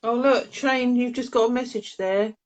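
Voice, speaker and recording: A woman's voice: fairly high pitch, steady tone, moderate pace, a little mellow. A woman hosting a casual live video as a medium, chatting, laughing and reading out viewers' comments. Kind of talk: casual live-stream chat.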